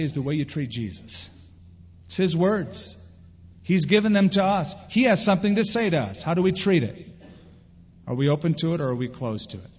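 A man preaching a sermon, his voice sitting a little high and slightly husky. He is animated and slips into little quoted voices as he goes. The sound is dull and lo-fi, with long reverb trailing off a big hall. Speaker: pastor. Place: church sanctuary.

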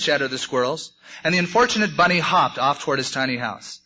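A man's voice: a little high, lively intonation, fairly quick, bright, forceful tone. A man, a preacher, reading a story aloud expressively within a sermon. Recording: muffled lo-fi recording.

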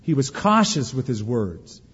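A man preaching a sermon as pastor, folksy and humorous, with dramatic pauses. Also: medium pitch, very animated, a bit bright, slightly rough, in a large hall, lo-fi sound.

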